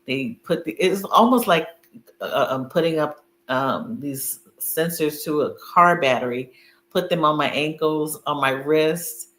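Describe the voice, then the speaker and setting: A woman's voice: deep voice, measured pace, fairly bright tone. A middle-aged woman chatting casually on a video call, telling a story with lots of fillers and laughter. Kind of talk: casual chat. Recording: echoey room with faint hum.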